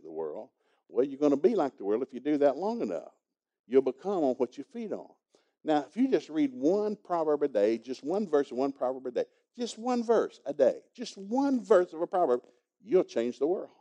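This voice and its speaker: A man's voice: mid-range voice, warm tone, lo-fi sound. An older man preaching a sermon in a folksy, emphatic and humorous storytelling manner.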